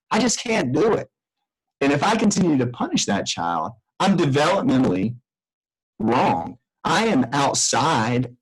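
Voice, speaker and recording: A man's voice: mid-range voice, slightly rough, rough recording. A middle-aged man giving a parenting lesson from a room in his house, speaking earnestly and conversationally, often restarting his sentences. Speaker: extension educator. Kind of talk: recorded parenting lesson from home.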